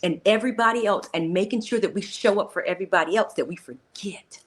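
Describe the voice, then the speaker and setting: A woman's voice: mid-range voice, fast talker. A woman podcast host and coach talking in an emphatic, encouraging way, with preacherly asides, during a faith-based interview.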